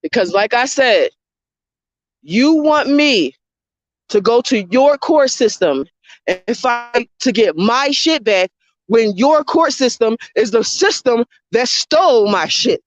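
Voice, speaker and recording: A woman's voice: fairly high pitch, lively intonation, unhurried, dry recording, low-quality recording. A woman talking live to her viewers through a phone, heated, profane and repetitive. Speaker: livestreamer. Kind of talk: live-streamed rant to viewers.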